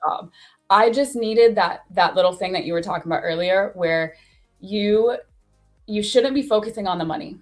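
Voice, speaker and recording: A young woman hosts a casual livestream chat in a chatty, easygoing way. She laughs easily and swears now and then. Her voice sits at a mid pitch, with faint music playing behind her. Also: moderate pace. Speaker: host.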